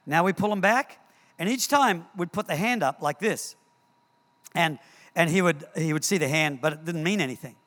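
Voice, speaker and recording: A man preaches and tells stories, acting out scenes and repeating words as he goes. His voice sits high and sounds bright and crisp. The long reverb of a church hall trails after each phrase. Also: moderate pace. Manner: animated storytelling, repeats words, acts out scenes. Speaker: pastor. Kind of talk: sermon.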